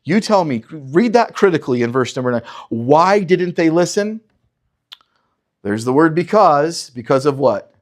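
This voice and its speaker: A male pastor with a somewhat high voice and a slightly slow pace preaches an expository sermon. Reading scripture aloud in an animated teaching style, he urges listeners to examine each verse closely and critically.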